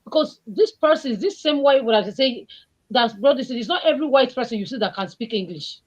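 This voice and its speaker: A woman with a Nigerian accent co-hosting a casual panel chat, lively and opinionated. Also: fairly high pitch, a little fast, lo-fi sound. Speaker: co-host.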